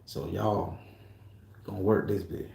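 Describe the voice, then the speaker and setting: A man's voice: sits low, steady tone, takes it slowly, creaky, dark tone. A man at a tattoo shop telling an emotional personal story in a profane, emphatic way. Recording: echoey room.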